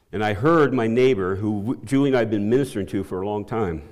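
A middle-aged man gives a spoken testimony to his church, halting often with many restarts and frequent laughs. As his excitement grows, his voice climbs higher and louder, trailing off into a long reverb.

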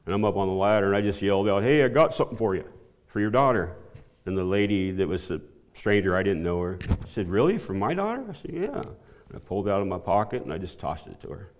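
A middle-aged man giving a spoken testimony to his church, halting with many restarts and frequent laughs, his voice climbing higher and louder as he gets excited. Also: long reverb tail. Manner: voice climbs high and loud when excited.

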